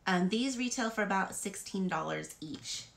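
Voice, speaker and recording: A woman's voice: mid-range voice, lively intonation, moderate pace, creaky, a little hiss or hum. A woman vlogger chatting casually about free beauty products, rambling with frequent fillers. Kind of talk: casual haul chat.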